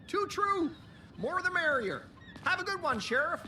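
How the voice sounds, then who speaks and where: A man's voice: very high-pitched, very animated, measured pace, pushed and bright, slight background noise, heavily acted, low-quality recording. An actor playing a jolly small-town man who greets the sheriff with hearty, laughing cheer.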